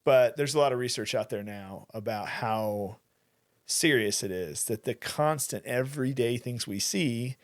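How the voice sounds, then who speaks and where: A man's voice: medium pitch, measured pace, no room sound. Earnest man in a dry recording. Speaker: firefighter and paramedic guest. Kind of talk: recorded interview testimony.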